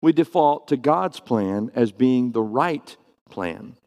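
A man preaching a sermon to his congregation, earnest and emphatic, slowing and speeding up to stress his points. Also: medium pitch, animated, a little mellow. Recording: long reverb of a church hall.

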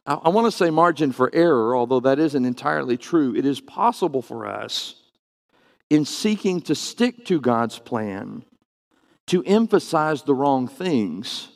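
A man preaching a sermon to his congregation, earnest and emphatic, slowing and speeding up to stress his points. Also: on the high side, creaky, darkish tone. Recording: long reverb of a church hall.

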